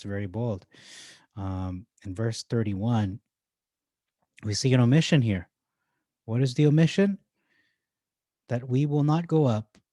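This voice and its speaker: An earnest man teaching scripture verse by verse. His voice is dark and mellow at a medium pitch. He moves from quiet asides to firm emphasis, and the sound is close and dry. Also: no echo. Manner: earnest, swings from soft asides to emphatic stresses. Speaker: Bible teacher.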